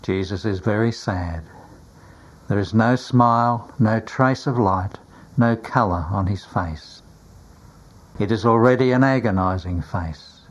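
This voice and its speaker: A man reading a religious story aloud in a grave, measured manner. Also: lowish voice. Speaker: narrator. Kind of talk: scripted religious narration, audiobook reading.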